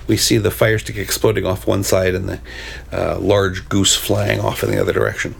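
A man reading a storybook aloud, pausing to describe its pictures with hesitant asides between the expressive narration. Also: deep voice, vocal fry, slightly rough.

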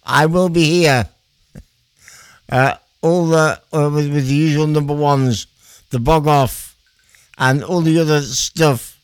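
A man's voice: fairly high pitch, fairly even intonation, slow pace, long pauses, smooth, no echo. A middle-aged man, presenting on the radio in a rambling, amused, chatty way. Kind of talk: casual radio chat between songs. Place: radio studio.

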